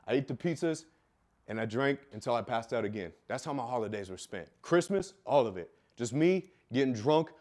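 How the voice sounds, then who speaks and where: A man telling a raw personal story with heavy swearing, dropping low and quiet, then bursting out loud. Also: lively intonation, brisk. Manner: profane, intense, swings from quiet to loud; loud, self-described. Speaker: fitness business coach telling his life story.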